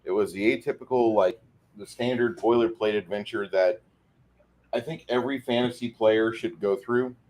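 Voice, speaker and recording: A man's voice: lowish voice, fairly even intonation, normal speed, darkish tone. A man who runs tabletop games, chatting casually and eagerly about his campaigns. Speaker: dungeon master. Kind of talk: casual gaming chat.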